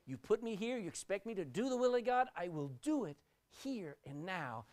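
A woman delivers a sermon in a very animated voice, her pitch sweeping high and low. She presses hard on key phrases, then sinks to a hush. She often repeats a word as she restarts a thought. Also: a little fast, hardly any pauses. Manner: expressive, rising and dropping sharply for emphasis; repeats words when restarting. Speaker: preacher.

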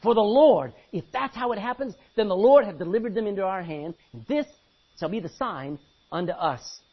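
A man preaching a sermon in an animated way, acting out Bible scenes as he goes. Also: high voice, moderate pace, husky. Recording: dull lo-fi recording.

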